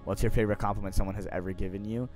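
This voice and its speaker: A young man streaming live, casually answering viewer questions in slangy, profane talk that swings between mumbled asides and loud bursts. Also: fairly low pitch, fairly even intonation, rapid-fire, faint music behind.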